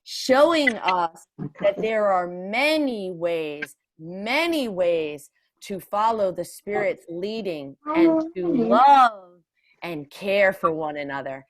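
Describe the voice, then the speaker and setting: A woman leading a children's gathering, giving a slow, deliberate sermon reflection and calling her listeners her friends. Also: medium pitch, very animated.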